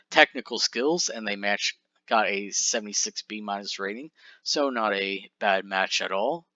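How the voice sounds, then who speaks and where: A man's voice: mid-range voice, pushed and bright, dry recording. A man casually recapping a wrestling simulation game with rambling fillers, recorded on a desk mic in a dull, dry sound. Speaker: game commentator.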